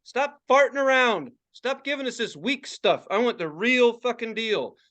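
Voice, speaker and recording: A man's voice: very high voice, expressive, moderate pace, a bit bright. A man in his forties ranting and swearing as a podcast co-host, laughing often in casual talk. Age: 40s. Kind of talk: casual profane podcast rant.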